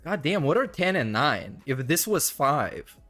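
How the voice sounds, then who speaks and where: A man's voice: a little high, very animated, measured pace, a bit bright, soft background music. A young adult man giving casual, sarcastic reaction commentary, laughing and cursing as he goes. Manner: sarcastic, laughing, profane asides. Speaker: reaction streamer.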